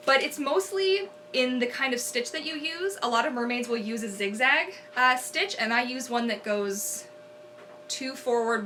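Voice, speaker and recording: A woman's voice: on the high side, pushed and bright, a little hiss or hum. A young woman who performs as a mermaid, chatting casually and animatedly to viewers on a live stream and laughing often.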